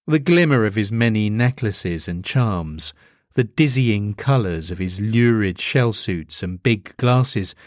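A man narrating a dark comic story aloud in a dry, deadpan manner. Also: fairly low pitch, no room sound.

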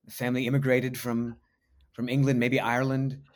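Man, forties, voice actor guest, relaxed halting storytelling, self-deprecating, mid-pitched voice. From United States. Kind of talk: casual interview storytelling.

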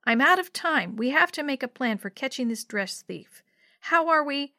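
In a full character voice pitched above her natural range, a woman plays an eager, anxious young girl speaking with urgency. The delivery is high, animated, bright and forceful at a moderate pace, captured dry in studio quality.

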